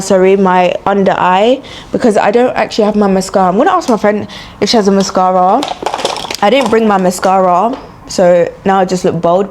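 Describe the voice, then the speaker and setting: Young london girl talking while doing her makeup, loose and rambly, lots of likes, mid-pitched voice. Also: a little mellow. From London, England. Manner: chatty and frank, full of "like" and "you know" fillers. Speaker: beauty and travel vlogger. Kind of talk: get-ready-with-me casual chat. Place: indoors while travelling.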